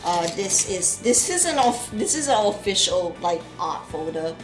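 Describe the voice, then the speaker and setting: Young woman rambling excitedly bout art prints, echoey room, bit of music underneath. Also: mid-range voice, measured pace. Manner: gushing, rambling, lots of fillers and restarts. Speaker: vlogger showing art haul. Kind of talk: casual chat.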